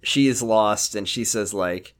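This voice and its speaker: A man's voice: on the low side, a little slow. A man co-hosting a casual podcast, recapping a movie in an exasperated, sarcastic way with plenty of swearing. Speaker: podcast co-host. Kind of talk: casual chat recapping a film.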